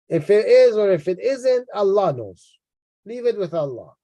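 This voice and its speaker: Man, high voice but mellow, dry close sound; sarcastic commentator, tired, mocking asides. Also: animated, moderate pace, dry recording. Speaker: religious critic reading and commenting on a book. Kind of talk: sarcastic lecture-style commentary.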